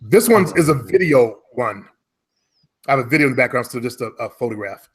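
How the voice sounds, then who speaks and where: A man coaching a client in online marketing over a casual call from home, relaxed and rambling, often correcting himself. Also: mid-range voice, fairly quick, husky.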